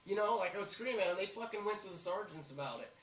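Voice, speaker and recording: A young man chatting on a podcast, telling army stories in a loud, profane, animated way. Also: sits high, fast talker. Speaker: podcast co-host. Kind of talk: casual chat. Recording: echoey room, mic at a distance, faint noise.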